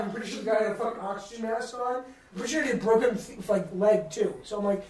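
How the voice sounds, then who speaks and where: Casting note: male podcast co-host, animated and profane storyteller, heard from off mic in a very echoey room. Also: very high voice, fast talker, hardly any pauses, recorded from a distance. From Massachusetts. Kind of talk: casual chat. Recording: roomy sound from off mic.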